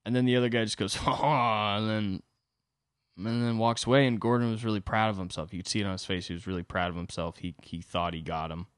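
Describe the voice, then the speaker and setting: A man's voice: on the low side, little pitch movement, fast, smooth, no echo, clean studio sound. A young adult man hosting a solo podcast, telling a comedic story with profane, rambling asides. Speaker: podcast host.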